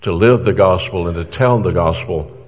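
A man's voice: low-pitched, moderate pace, a little mellow, long reverb tail, dull audio. A man preaching a sermon in an earnest, exhorting way, pleading with his listeners through questions.

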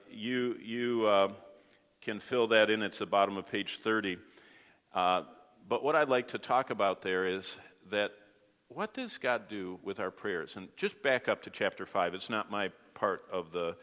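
A man's voice: mid-range voice, fairly bright tone, long reverb tail. A man teaching a Bible study lesson, asking the class questions and explaining with everyday comparisons.

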